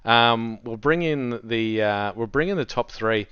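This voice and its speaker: A man co-hosts a racing stream in loose, joking banter. His voice is smooth and clear in a dry, slightly dull recording, at a middling pitch. He cuts guests off and laughs easily. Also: unhurried, a bit bright, no room sound. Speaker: esports race co-host. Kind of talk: casual live-stream commentary chat.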